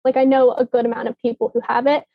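A woman's voice: fairly high pitch, level tone, fast talker, vocal fry, dry recording. A young woman casually telling her own health story, matter-of-fact, with many likes. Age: young adult. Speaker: guest, daughter. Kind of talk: personal storytelling. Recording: dull, dry sound.

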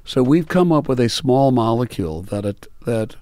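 A man's voice: medium pitch, lively intonation, moderate pace, dark tone, no echo. A man, a musician and startup founder, talking casually in a rambling way with many restarts and fillers. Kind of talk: casual conversation.

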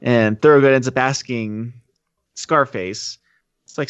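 A man's voice: medium pitch, a little slow, clean tone, no echo, muffled recording. A man co-hosting a podcast, recapping a film in a rambling, casual way. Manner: rambling storyteller, acts out quotes. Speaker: podcast co-host.

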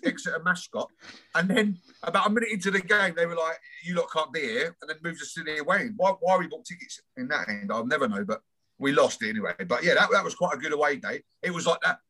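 Host guy, bit high and bright, rambly laughing storyteller. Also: fast. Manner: rambling, chuckling, swears casually. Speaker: podcast host. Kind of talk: casual chat.

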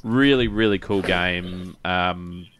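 A man's voice: deep voice, slow pace, fairly bright tone, a little hiss or hum. A man hosting a casual gaming podcast, rambling with many restarts and fillers. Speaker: podcast host. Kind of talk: casual chat.

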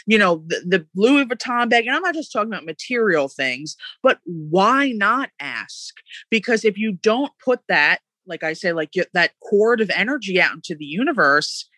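A woman in casual podcast chat about mindset, emphatic and animated, often acting out quoted voices. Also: on the high side, no room sound.

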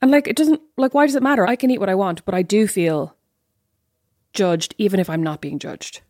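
A woman co-hosting a podcast, chatting casually in an animated, rambling, self-deprecating way. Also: mid-range voice, a little fast, no room sound, clean studio sound. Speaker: podcast co-host.

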